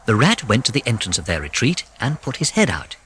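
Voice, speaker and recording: An audiobook narrator reading a classic storybook, expressive, with whispered moments of suspense. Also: medium pitch, fairly quick, a little hiss or hum.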